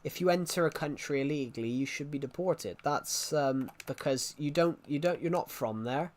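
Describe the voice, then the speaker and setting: A man's voice: fairly high pitch, moderate pace. Rambling, opinionated young male streamer. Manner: rambling, opinionated, answering chat comments. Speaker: gaming livestreamer. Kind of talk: casual live-stream chat to viewers.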